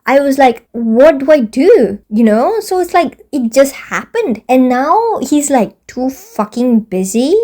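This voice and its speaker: A young woman telling a storytime vlog as an exasperated, profane rant, talking fast and animated. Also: sits high. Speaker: vlogger.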